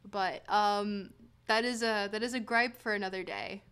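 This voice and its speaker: A woman's voice: medium pitch, fairly even intonation, moderate pace, a bit bright, clear, resonant tone. A woman whose first language is French, casually chatting with her viewers and reading a text aloud on a livestream, joking and swearing freely. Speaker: streamer.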